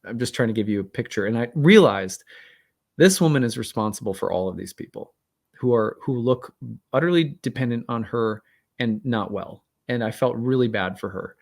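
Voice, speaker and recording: This astrology channel host speaks in a mid-range voice with lively intonation and a moderate pace. His casual storytelling monologue is a personal tale, told candidly and ramblingly with plenty of fillers and jokes at his own expense.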